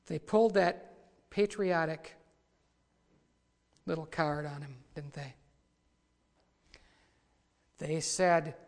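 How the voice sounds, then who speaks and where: A man preaching a sermon, retelling the story dramatically and voicing the quoted lines louder. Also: fairly high pitch. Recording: long hall reverb.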